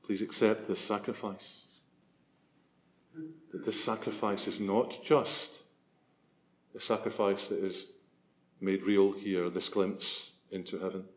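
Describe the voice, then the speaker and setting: A man's voice: lowish voice, little pitch movement, unhurried, long pauses. A man preaching a sermon as a priest, earnest and swelling to emphasis on key phrases.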